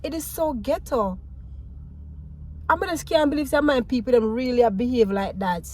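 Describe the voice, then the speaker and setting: A Jamaican woman vlogging, telling a story in a casual, animated way, laughing often and mixing patois with English. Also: sits high, normal speed, a little hiss or hum.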